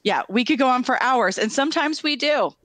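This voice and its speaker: A woman's voice: high voice, animated, a little fast, a bit bright, no echo. A woman hosting a podcast in casual chat, gushing and enthusiastic, rambling and restarting her sentences as she talks. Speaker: podcast host.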